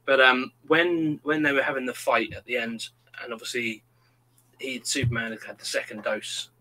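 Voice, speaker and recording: A man's voice: medium pitch, normal speed, low-quality recording. A man in his thirties, chatting casually and acting out quotes as he tells stories. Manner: animated storyteller, acts out quotes. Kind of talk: casual chat.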